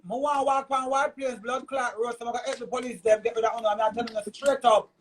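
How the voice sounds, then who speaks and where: Jamaican man, very high-pitched, ranting hard on a live stream with constant cursing. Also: fairly even intonation, quick pace, slight background noise. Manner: loud, cursing, repeats himself. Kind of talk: heated live-stream rant.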